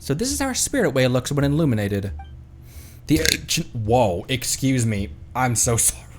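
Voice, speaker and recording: A man streaming a video game, chatting casually, laughing often and reading the game's dialogue aloud in an animated way. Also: medium pitch, moderate pace. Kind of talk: casual gaming livestream.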